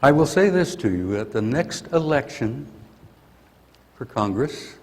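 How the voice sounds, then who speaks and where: A man's voice: medium pitch, sing-song, unhurried. Grumpy older man ranting in a hall. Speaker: conference speaker. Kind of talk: conference talk. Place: conference hall.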